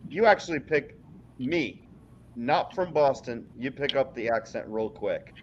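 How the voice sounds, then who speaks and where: A man, a military veteran, recounting his service in a rambling, halting way during casual chat. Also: mid-range voice, lively intonation. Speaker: military veteran podcast guest. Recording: dull lo-fi audio with faint noise.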